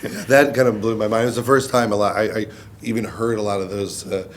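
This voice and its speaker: A man chatting as an interview guest, speaking quickly and adding dry jokes. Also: on the low side, steady tone, slight background noise. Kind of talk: casual interview chat.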